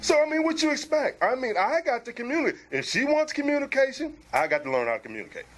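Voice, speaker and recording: A man in a barbershop group talk, telling animated stories about his marriage and doing chores. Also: very high voice, quick pace. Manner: animated, emphatic storytelling. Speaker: barbershop discussion participant. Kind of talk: casual group chat.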